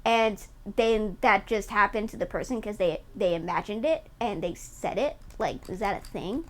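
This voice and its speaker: A woman's voice: medium pitch, normal speed, a bit bright. A woman streamer chatting casually and teasing her viewers while reacting to a video, laughing often. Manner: playful, giggly, teasing.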